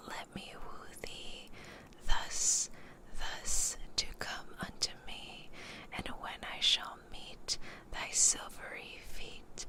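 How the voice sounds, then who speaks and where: A young woman reading love poems aloud in a soft whisper, in a whispered role-play on her stream, her throat a little sore from it. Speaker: VTuber streamer.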